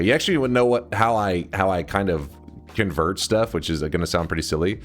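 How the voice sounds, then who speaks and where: Streamer, man, 30s: deep-ish voice, rambling, profane, prone to loud outbursts, faint music in the background. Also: fairly quick. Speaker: livestreamer. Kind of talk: casual live-stream chat.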